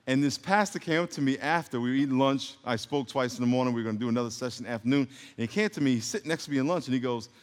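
A man's voice: medium pitch, racing, hardly any pauses. A man preaching a sermon, leading the congregation in call-and-response and adding humorous asides. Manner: call-and-response, having the congregation repeat words. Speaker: pastor. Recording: long hall reverb.

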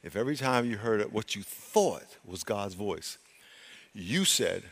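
A man preaching a sermon as pastor, moving between loud emphatic stretches and quiet, hushed talk, often restarting his phrases. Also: fairly low pitch, expressive, a little slow, gravelly, breathy edge. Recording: long hall reverb.

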